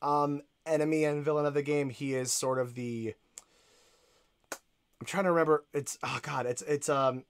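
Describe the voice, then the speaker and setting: A man's voice: fairly high pitch, fairly even intonation, normal speed, clean tone. A man co-hosting a casual podcast, eager and rambling, often searching for words. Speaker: podcast co-host.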